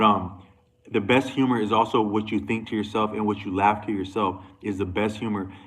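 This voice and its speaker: A man's voice: lowish voice, fairly bright tone, rough recording. A man talking to camera in a loose, rambling monologue, restarting sentences and going off on asides. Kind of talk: casual monologue.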